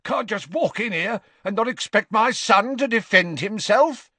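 A man's voice: high voice, expressive, unhurried, pushed and bright, dry recording, pitched above the performer's own voice, exaggerated voice. A man reading an audiobook, voicing a hostile, aggressive old man who sneers at a visitor in a storybook. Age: older. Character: hostile, aggressive elderly male hermit.

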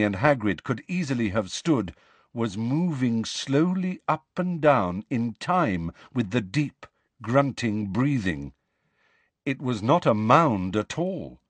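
A man narrating an audiobook in an expressive storytelling manner. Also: medium pitch, no room sound. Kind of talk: scripted narration.

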